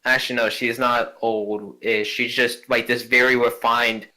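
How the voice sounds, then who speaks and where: A man's voice: mid-range voice, little pitch movement, a little slow, bright, forceful tone, poor audio. A man narrating a tabletop game as game master, rambling and hesitant with many fillers.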